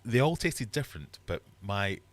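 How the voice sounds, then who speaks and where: Deep-voiced man, animated storytelling. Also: normal speed. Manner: animated storyteller, exasperated outbursts. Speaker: livestream host. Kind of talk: casual livestream chat. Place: home fish room.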